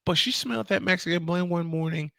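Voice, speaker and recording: A man with a New York accent, co-hosting a podcast and telling stories in a lively, laughing way. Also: high-pitched, creaky, dry recording, clean studio sound. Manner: animated storytelling, quick laughs. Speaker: podcast co-host. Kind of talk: casual chat.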